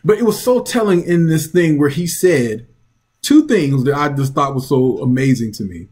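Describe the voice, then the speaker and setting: Man, vlog ranter at home; fairly high, husky voice, profane, mocking. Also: lively intonation, moderate pace, a little mellow. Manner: blunt, profane, mocking, laughs often. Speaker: vlog commentator. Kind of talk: casual opinion rant.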